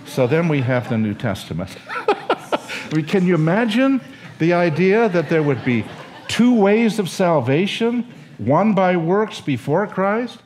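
An older man, a seminary professor, telling a story and lecturing in an animated, emotional way with acted quotes. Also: high voice, a little slow.

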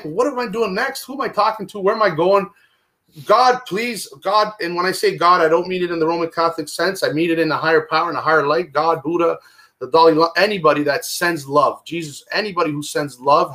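A man talking on a video call about his past, emotional and repeating himself, swinging between loud bursts and hushed words. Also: on the high side. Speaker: guest. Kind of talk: candid conversation about recovery.

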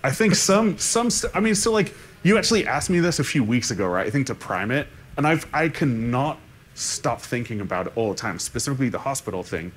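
A man's voice: medium pitch, very animated, a little fast, a little hiss or hum. A man speaking on a conference panel, thinking aloud with restarts and frequent "right?" tags. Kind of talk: unscripted panel discussion.

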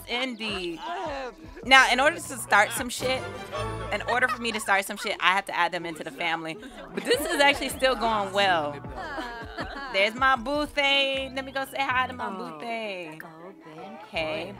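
A woman's voice: fairly high pitch, lively intonation, measured pace. Foul-mouthed, playful woman gamer, music behind. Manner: profane, playful, dramatic trash talk at the game. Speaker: let's play gamer. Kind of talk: casual gameplay commentary. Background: game music.

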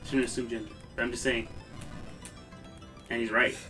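Calm man giving game tips. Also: mid-range voice, moderate pace, over loud music. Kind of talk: casual chat beside a gamer.

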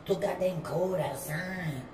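A man's voice: high voice, takes it slowly. A man voicing a broke, streetwise Chicano man who drawls slang and says "man" at every turn. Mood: complaining. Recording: roomy, distant, noisy room.

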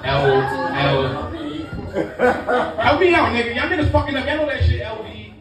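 A man's voice: very high voice, big pitch swings, moderate pace. A middle-aged man from Brooklyn, doing a brash, profane stand-up set and teasing the crowd. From Brooklyn, New York. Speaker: stand-up comedian. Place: comedy lounge, live audience. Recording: echoey club from far off, music, crowd.

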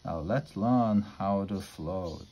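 A man reading the part of a patient swimming teacher giving calm instructions. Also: low-pitched, slow pace, dull audio, a little hiss or hum. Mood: coaching.

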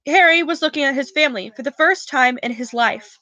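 A woman reads a novel aloud in a casual, unpolished way, stumbling and restarting now and then. Her voice is high and bright. The sound is close and dry. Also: brisk, no echo, low-quality recording. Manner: casual reading with slips and restarts. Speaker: reader.

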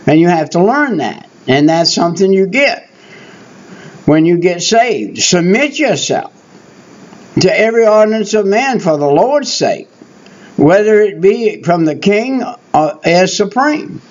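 A man's voice: high-pitched, big pitch swings, unhurried. An older man preaching a Bible teaching sermon, emphatic and repetitive, driving his points home. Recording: dull lo-fi recording.

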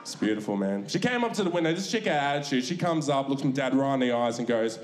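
A man's voice: mid-range voice, expressive, fast, hardly any pauses, reverberant. A young Australian man doing a stand-up routine on a comedy club stage, laid-back and swearing as he tells a story.

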